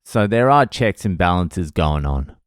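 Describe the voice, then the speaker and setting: A man's voice: deep voice, lively intonation, unhurried, clean tone, no echo, clean studio sound. A man, a comedian, telling a story in a casual vlog with a sardonic, profane manner.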